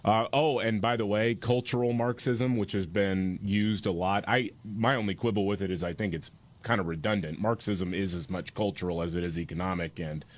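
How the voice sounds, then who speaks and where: A man's voice: on the low side, steady tone, normal speed. A man co-hosting a news talk podcast, reading headlines and cutting in with sarcastic, mocking asides.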